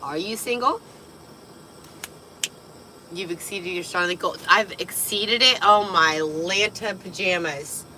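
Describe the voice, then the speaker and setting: Tipsy lady streaming from a parked car, giggly and sweary, kinda lost her voice, lowish tone, bright edge, faint hum behind. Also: slow, pauses often, poor audio. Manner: giggly, excitable, swears freely. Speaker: livestream host. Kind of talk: tipsy casual livestream chat. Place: parked vehicle.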